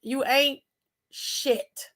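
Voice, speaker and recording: A woman from Cleveland, hosting a wrestling aftershow in casual chat that is animated and profane, full of mock outrage. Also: high voice, very slow. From Cleveland, Ohio.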